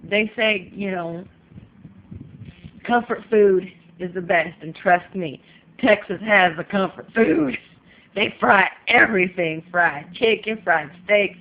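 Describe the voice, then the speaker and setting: A woman's voice: mid-range voice, takes it slowly, vocal fry. Woman from California, casual home vlogger, chatty and emphatic, muffled lo-fi sound. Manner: chatty, emphatic, leans on "you know". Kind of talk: casual opinion vlog. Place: home in Texas.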